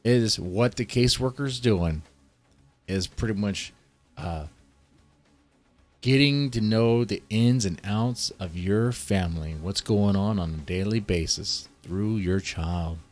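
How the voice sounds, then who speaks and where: A man's voice: lowish voice, slow pace, a little mellow, faint music behind. A man who works as a child protective services caseworker, casually explaining how he questions children, thinking aloud step by step.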